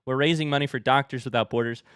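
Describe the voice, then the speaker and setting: A man's voice: medium pitch, fairly even intonation, quick pace, a bit bright, smooth, dry recording, studio quality. Playful man hosting a live stream. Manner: playful, jokey game-show banter. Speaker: stream host.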